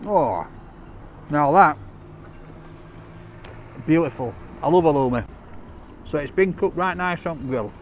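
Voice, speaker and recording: A man's voice: a little high, expressive, measured pace, pauses often, a little hiss or hum. A man reviewing a takeaway meal in a chatty, enthusiastic, jokey way, talking outdoors on a street. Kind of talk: casual food review vlog.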